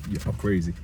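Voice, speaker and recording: A man's voice: on the low side, background noise. Chatty middle-aged man vlogging. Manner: lively, chatty, addresses viewers as y'all. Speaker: vlogger host. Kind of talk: casual vlog chat. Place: restaurant and parked car. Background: music playing.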